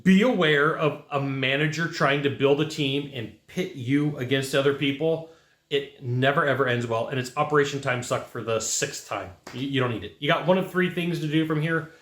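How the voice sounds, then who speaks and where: A man's voice: medium pitch, moderate pace, fairly bright tone, reverberant. A man hosting a career advice channel, talking directly and repetitively with emphatic rhetorical asides. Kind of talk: casual advice monologue.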